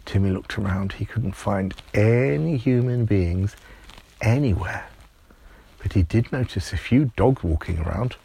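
A man telling an improvised bedtime story in a lively, playful way. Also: lowish voice, measured pace, creaky, husky.

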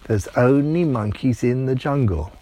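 A man voicing a talking meerkat from Africa who speaks in a calm, matter-of-fact way. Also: medium pitch, a little slow, no echo, pitched above the performer's own voice.

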